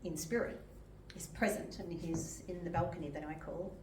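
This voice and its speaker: A woman's voice: on the low side, steady tone, moderate pace, background noise. Older woman preaching in an echoing hall. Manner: gentle, emotional, laughs often. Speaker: medium and reverend. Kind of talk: sermon with personal testimony. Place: church hall. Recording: echoey hall from far off.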